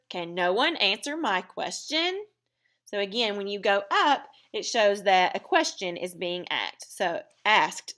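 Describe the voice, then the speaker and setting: Bright-voiced woman teaching grammar. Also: mid-range voice. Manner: step-by-step explaining. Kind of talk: recorded grammar lesson.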